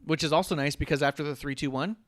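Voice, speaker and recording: Dude riffing on a podcast mic, swears a lot, kinda high voice, dry close sound. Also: male voice, fast, no room sound. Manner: profane, joking, rambling banter. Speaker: podcast co-host. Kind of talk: casual wrestling podcast chat. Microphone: podcast microphone.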